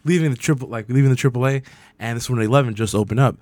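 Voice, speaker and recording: A young man spins a loose, animated story, heavy on slang and cursing. His voice sits at an ordinary pitch and comes across close and dry, with no room sound. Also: racing, no echo. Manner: animated anecdote-telling with slang and swearing. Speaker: podcast co-host. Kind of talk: casual chat, storytelling.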